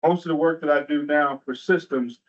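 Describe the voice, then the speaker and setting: A man's voice: on the high side, fairly even intonation, brisk. A man from Atlanta giving a motivational, storytelling keynote at a training event, with a rhythmic delivery and rhetorical asides. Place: large room at a training event. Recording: muffled, distant from the mic.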